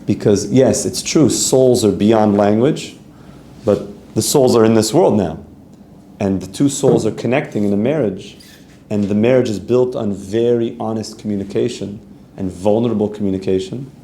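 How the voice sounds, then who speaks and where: A man's voice: fairly low pitch, moderate pace, dark tone, roomy sound, slight background noise. A man, a rabbi giving an earnest, conversational Torah class, reading Hebrew text aloud and translating it as he goes. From Canada.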